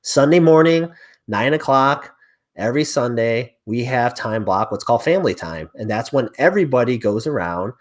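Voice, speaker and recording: A man in his thirties, a real estate agent as a podcast guest, telling a personal story in a lively, animated way and acting out the dialogue. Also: medium pitch, moderate pace. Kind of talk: conversational storytelling interview.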